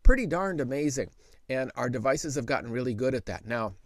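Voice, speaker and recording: A middle-aged man hosting a casual tech tutorial, relaxed and conversational, with frequent fillers and restarts. He slows down to speak very deliberately when he demonstrates dictation. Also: mid-range voice, no room sound.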